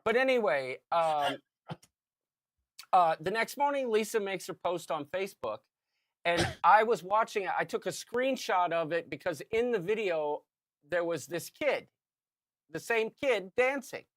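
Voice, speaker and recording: Animated fifty-something man telling a story. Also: sits high, unhurried, no room sound, clean studio sound. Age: 50s. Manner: animated storyteller, shouts acted quotes. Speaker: podcast co-host. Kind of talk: casual storytelling chat.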